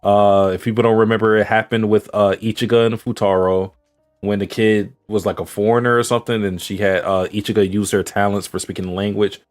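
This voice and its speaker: Rambling male podcast host, lowish voice. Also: flat delivery, fairly quick, soft background music. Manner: rambling, with many fillers, and laughs at his own jokes. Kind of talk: casual chat reviewing anime.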